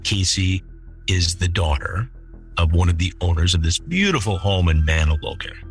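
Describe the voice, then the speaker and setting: A man's voice: low-pitched, lively intonation, normal speed, faint music behind. A middle-aged man hosting a true-crime podcast, reading chat logs aloud and adding incredulous, indignant commentary. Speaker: podcast host.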